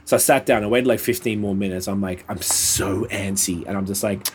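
A man in pain telling a rambling, sweary story in casual chat over a call, sounding a little flat. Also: lowish voice, brisk, a little hiss or hum. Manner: laid-back, swears often, rambling. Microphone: video call.

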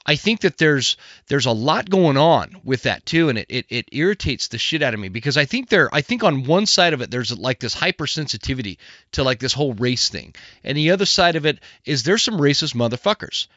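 A man's voice: mid-range voice, very animated, fairly quick, fairly bright tone, dry recording, lo-fi sound. A man hosting a podcast, talking bluntly in casual conversation, swearing freely and restarting his sentences. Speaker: podcast host.

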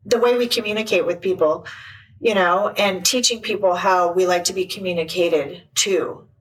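A woman life coach chatting in an interview, animated and acting out little quoted voices. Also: fairly low pitch, moderate pace, distant mic, poor audio. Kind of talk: casual interview chat.

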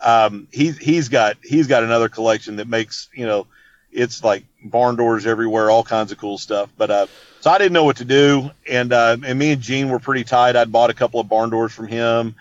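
A man's voice: mid-range voice, normal speed, dull audio. A man telling a long story in casual chat, rambling and laid-back, full of "dude" and "you know what I mean.". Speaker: podcast guest.

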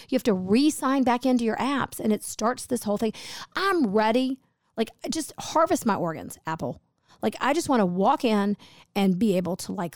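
A woman's voice: a little high, dry recording, clean studio sound. A middle-aged woman chatting with her husband, rambling through a story in a chatty way. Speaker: co-host, host's wife. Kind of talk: casual chat.

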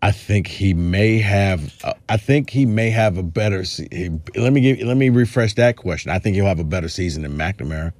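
A man with a low-pitched voice hosts a sports podcast, talking casually and circling back to restart his thoughts. The sound is dry and close, with no room around it. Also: brisk, few pauses, darkish tone, no room sound. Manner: rambling, restarts, quotes others in a put-on drawl. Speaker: podcast host.

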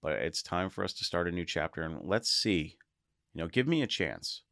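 A man hosting his own podcast, talking casually and excitedly to his listeners and often laughing. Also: low-pitched, moderate pace, gravelly, dry recording, clean studio sound. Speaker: podcast host. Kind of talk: casual solo podcast monologue.

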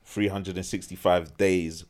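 A young man chats on a podcast in a laid-back, slangy way, chuckling as he goes. His voice sits on the low side. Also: little pitch movement, unhurried, a little mellow. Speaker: podcast co-host. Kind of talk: casual chat.

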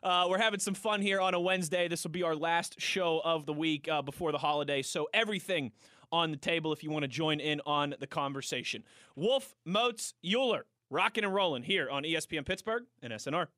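A man hosting a sports radio show, joking around in an upbeat, breezy way. His voice is high and bright, recorded dry and close. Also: fairly quick, no echo.

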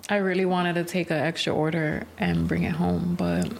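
A woman's voice: fairly low pitch, very animated, moderate pace, a little hiss or hum. A woman chatting casually on a livestream, laid-back and chiming in from the side.

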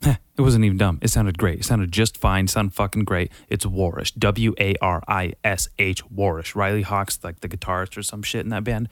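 A man's voice: sits low, fairly even intonation, a little fast, hardly any pauses, no echo, studio quality. A man hosting a solo podcast, rambling casually, swearing constantly and correcting himself mid-sentence. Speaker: podcast host.

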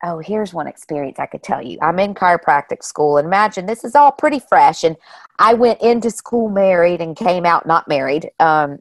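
A woman guest telling personal stories in a casual, animated way, often saying "you know" and "like". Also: lowish voice, no room sound. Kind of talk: casual storytelling.

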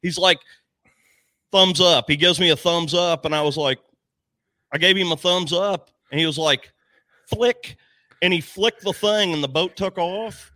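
A man's voice: high-pitched, a little slow, pauses often, no echo. A man telling a story in casual podcast chat, swearing freely and acting out the dialogue. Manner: profane, animated storyteller who acts out the dialogue.

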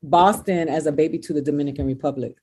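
A woman raised speaking Spanish at home, with an East Coast American accent, telling stories as a guest in an animated, rambling way with lots of restarts. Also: deep voice, fast talker, breathy edge. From United States. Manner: animated storyteller, many restarts and fillers. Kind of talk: casual interview chat.

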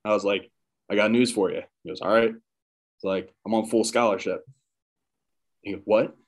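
A man's voice: lowish voice, normal speed. A man guesting on a podcast, casually telling a personal story and acting out his parents' lines. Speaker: podcast guest, former college football player.

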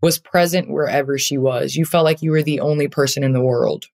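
A deep, creaky, darkish female voice, fairly even in intonation and fairly quick, belongs to a basketball player giving a heartfelt conversational interview. She speaks earnestly and reflectively, with many fillers.

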